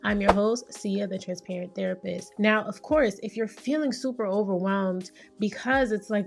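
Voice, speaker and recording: A woman's voice: mid-range voice, normal speed, creaky, hardly any pauses, faint music behind. A woman, hosting a casual solo podcast as a therapist and talking candidly and playfully. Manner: candid, playful, acts out quoted voices.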